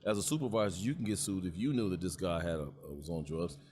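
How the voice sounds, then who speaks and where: Fast-talking low-voiced middle-aged man. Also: animated, darkish tone. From United States. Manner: rambling, repeats words when starting a thought. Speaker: podcast co-host, security guard. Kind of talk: casual chat.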